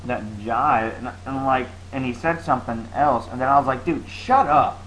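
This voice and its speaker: A man chatting casually as a co-host, rambling and restarting as he tells a story. His voice sits at a middling pitch. A faint hiss sits in the background of the recording. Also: steady tone, normal speed, a bit bright, poor audio. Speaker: podcast co-host. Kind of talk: casual chat.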